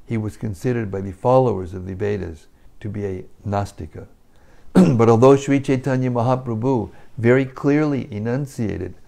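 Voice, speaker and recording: Low, gravelly man reading scripture. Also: warm tone. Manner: slow, measured reading with occasional restarts. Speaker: reader of scripture purports. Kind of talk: reading a religious commentary aloud.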